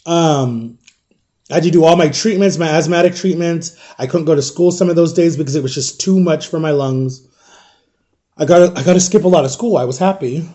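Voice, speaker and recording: Mellow man rambling through a story. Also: on the high side, fairly quick. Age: 30s. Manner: rambling, filler-heavy, addresses viewers as guys. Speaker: vlogger. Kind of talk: casual storytelling while eating.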